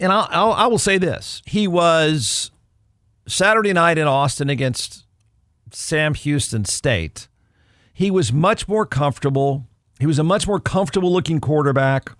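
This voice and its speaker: This Texan podcast host delivers solo college football commentary that is snarky and conversational, repeating himself for emphasis. His fairly high, slightly bright voice is captured dry, with clean studio sound.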